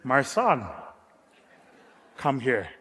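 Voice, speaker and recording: A South African man quoting a gentle, wise elderly statesman in a slow, measured, fatherly way. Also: medium pitch, sing-song, full character voice. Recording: echoey hall.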